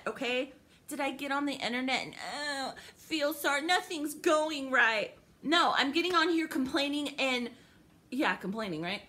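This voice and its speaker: A woman's voice: high-pitched, pushed and bright. A young woman venting in an angry, profane, sarcastic rant to the camera, upset and livid. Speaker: vlogger.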